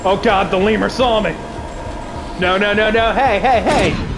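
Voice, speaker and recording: A man giving live gameplay commentary as a streamer, excitable and prone to panic, swearing and talking to his chat and to game characters. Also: high-pitched, measured pace, pauses often, over music.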